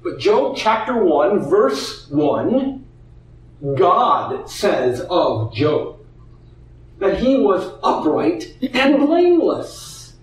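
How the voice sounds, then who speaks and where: A man preaching a sermon, expressive, acting out the voices in the story he tells. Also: high voice, very slow. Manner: expressive, acts out quoted voices. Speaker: pastor. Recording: echoey room, heard from a distance.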